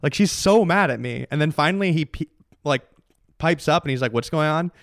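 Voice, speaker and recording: A young man tells a long story in loose, casual conversation, padding it with fillers and trailing restarts. His voice is smooth and clear. The sound is dry and close, with no room around it. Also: on the high side, expressive, fairly quick, no echo. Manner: rambling, many fillers and restarts.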